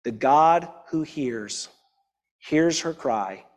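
A man's voice: a little high, expressive, extremely slow, long reverb tail, dull audio. A man preaching a sermon, reading scripture aloud and then explaining it, often checking in with the listeners. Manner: reads scripture then explains it, with frequent "right?" asides.

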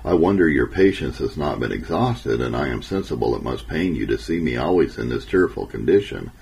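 A man voicing a sorrowful, tearful woman who speaks in a soft, trembling, apologetic way. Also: extremely low pitch, animated, a little fast, gravelly, husky, exaggerated voice. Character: sorrowful, tearful middle-aged woman, gentle and humble.

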